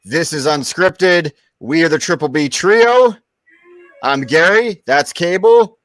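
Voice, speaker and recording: A man's voice: fairly high pitch, takes it slowly, a bit bright, dry recording. A man hosting a casual podcast, easygoing and steering the talk with plenty of fillers. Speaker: podcast host.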